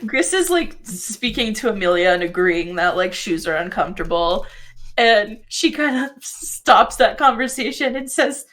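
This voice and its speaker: A woman's voice: mid-range voice, animated, unhurried, fairly bright tone. A woman playing a tabletop game, giggly and hesitant, over an online call. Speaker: player.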